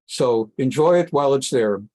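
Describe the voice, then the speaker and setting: A man rabbi giving a Bible study class, reading Hebrew verses and explaining them with animated, emphatic delivery. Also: moderate pace. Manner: animated, voice leaps up high for emphasis; winds down quieter for announcements. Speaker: rabbi teaching a weekly class.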